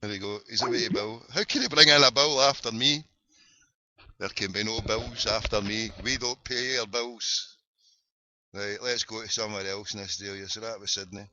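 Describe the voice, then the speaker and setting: A man's voice: lowish voice, fairly even intonation, normal speed, pushed and bright. A man with a Glasgow Scottish accent hosting an internet show, talking in boisterous, rambling, wisecracking patter. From Scotland. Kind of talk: jokey call-in banter. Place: parked car. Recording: dull lo-fi webcast audio.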